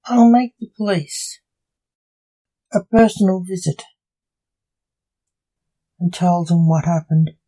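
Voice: medium pitch, slow pace, pauses often, mellow, low-quality recording. A reader doing a stern old necromancer. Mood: grim.

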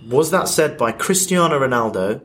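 A playful man hosts a casual podcast chat, reading out quiz questions with an easy, joking manner. His voice sits at an ordinary middle pitch, and he laughs often between lines. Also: animated, normal speed, a bit bright. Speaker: podcast host running a quiz.

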